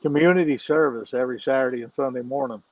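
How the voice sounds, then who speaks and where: A man's voice: mid-range voice, fast, no room sound, lo-fi sound. Man, podcast guest, casual storytelling, frequent laughs, profane, dry close sound. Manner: laughs often while telling stories, swears freely.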